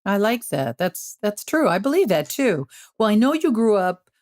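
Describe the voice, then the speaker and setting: A woman's voice: medium pitch, big pitch swings, normal speed, a little mellow. A woman hosting a podcast who asks friendly, chatty questions. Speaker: podcast host. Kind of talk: casual interview questions.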